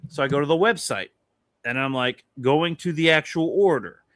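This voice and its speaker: Man, slightly high and bright voice, loose profane storyteller, dry close mic. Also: moderate pace, dry recording. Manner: animated, swearing, rambling anecdote. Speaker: podcast co-host. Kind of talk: casual storytelling chat.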